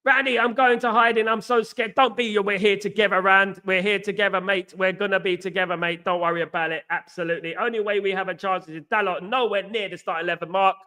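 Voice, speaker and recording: A man's voice: sits high, steady tone, fast talker, few pauses, pushed and bright, clean tone. A man hosting a casual football live stream, passionate and rambling as he reads the chat aloud. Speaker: livestream host and football fan.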